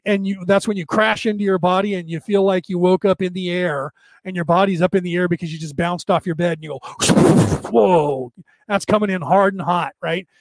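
A man with a fairly high voice talks to his viewers in a casual, rambling way. He keeps checking in with "right?" The sound is dry and close. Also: no room sound. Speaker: spiritual talk host answering viewers. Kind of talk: casual storytelling and explanation.

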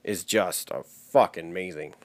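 A man co-hosting a casual movie chat, animated and swearing freely. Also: sits low, normal speed, dry recording.

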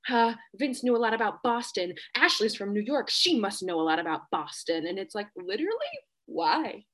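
A woman's voice: a little high, very animated, moderate pace, fairly bright tone. A woman co-hosting a casual podcast, playfully acting out quotes as she retells them. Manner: playful, quotes others in silly voices. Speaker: podcast co-host. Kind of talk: casual recap chat.

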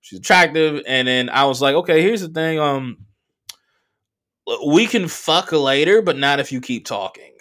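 A man who is a stand-up comedian and podcast host telling a profane, animated story full of fillers. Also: a little high, moderate pace. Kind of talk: casual storytelling monologue.

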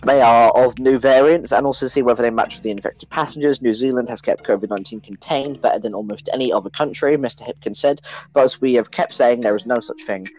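A man's voice: mid-range voice, quick pace, a little mellow, rough recording. A young man co-hosting a casual podcast, joking and swearing, reading a news report aloud between banter. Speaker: podcast co-host.

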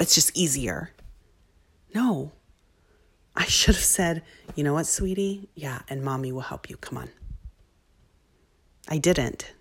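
A woman in her thirties telling a heartfelt, self-critical story as a mother and often dropping into soft whispers. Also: lowish voice, husky. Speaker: mother sharing a parenting story. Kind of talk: candid personal talk to camera.

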